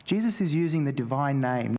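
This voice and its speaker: A man's voice: mid-range voice, brisk, long reverb tail. A man whose first language is Greek, preaching a sermon as a pastor and lifting his voice on quoted scripture. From Greece. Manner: animated preaching, rising emphasis on quoted scripture.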